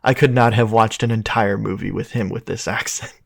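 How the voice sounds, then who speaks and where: A man co-hosting a casual film review chat, excitable and quick to swear and laugh. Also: fairly low pitch, vocal fry, dry recording, studio quality. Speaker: podcast co-host.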